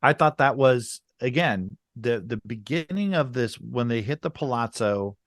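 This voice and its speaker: A podcast co-host chatting casually about a film, halting and easygoing, with many restarts. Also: mid-range voice, lively intonation, no room sound, studio quality. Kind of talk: casual film review chat.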